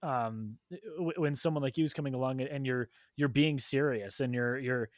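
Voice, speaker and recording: A man's voice: medium pitch, normal speed, dry recording, clean studio sound. A man in casual podcast chat, easygoing and full of filler words. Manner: easygoing, heavy use of "like". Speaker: podcast guest co-host.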